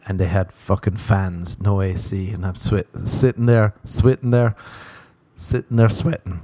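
A man's voice: low-pitched, steady tone, normal speed, a little mellow, no echo. A young man hosting a podcast, telling a profane, self-mocking comic monologue and acting out voices as he rambles. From Ireland. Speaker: podcast host.

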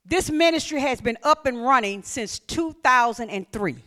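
A woman preaching a sermon in a high, bright voice. She is animated, shouting some lines and dropping to hushed near-whispers on others. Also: normal speed. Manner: animated, swings between loud emphatic lines and near-whispers.

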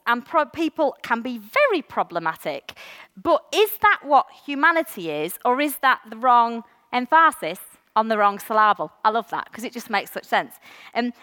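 A woman's voice: high-pitched, big-room sound. A woman preaching a candid, personal sermon to her church, with frequent ums. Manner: candid, animated, warm-hearted with frequent ums. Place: church hall.

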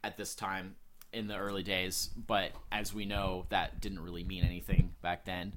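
A man's voice: low-pitched, flat delivery, moderate pace, noisy background. A man co-hosting a podcast in casual chat, sharing background facts with many filler words. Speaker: podcast co-host.

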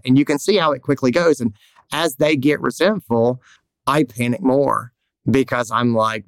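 The speaker is a veterinarian hosting a podcast, his medium-pitched voice moving at normal speed with a clean, echo-free tone. His talk is casual and candid, wandering through animated stories where he acts out what people said.

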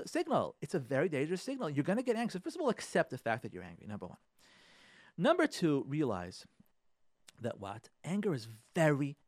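A man's voice: sits high, no room sound. A man hosting a radio advice show from a studio, lecturing listeners in an emphatic, repetitive way. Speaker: radio host giving marriage advice.

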